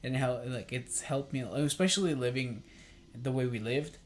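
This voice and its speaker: A man's voice: mid-range voice, moderate pace. A young man hosting a podcast, talking casually in a rambling way, with lots of fillers and swearing, and acting out quoted talk in a livelier voice. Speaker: podcast host. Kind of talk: casual chat.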